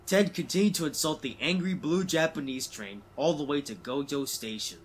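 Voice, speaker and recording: A man narrating a cartoon story in a plain, steady manner. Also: a little high, moderate pace, a little hiss or hum.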